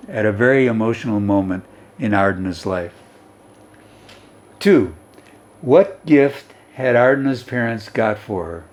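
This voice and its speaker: A man's voice: fairly low pitch, a little mellow. A male teacher reading and explaining a story, who keeps checking in with his students.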